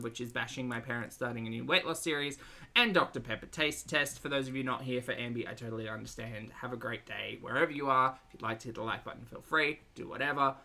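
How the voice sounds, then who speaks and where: Australian male streamer, wry and sarcastic, gravelly and bright tone. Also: medium pitch. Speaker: reaction streamer. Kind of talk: casual commentary to live chat.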